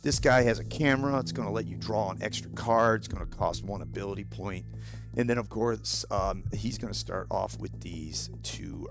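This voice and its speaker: A man with a sore throat and a gravelly voice, walking through a video game casually and bluntly, explaining each step. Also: on the low side, moderate pace, over music. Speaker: gaming YouTuber. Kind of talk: casual gameplay walkthrough.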